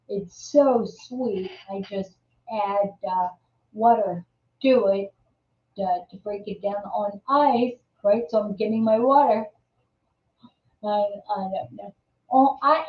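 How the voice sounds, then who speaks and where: Woman host, unhurried rambling chat, distant echoey mic. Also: medium pitch. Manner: rambling, many restarts and fillers. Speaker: live show host. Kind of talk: casual live-stream chat. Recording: roomy, distant, dull audio.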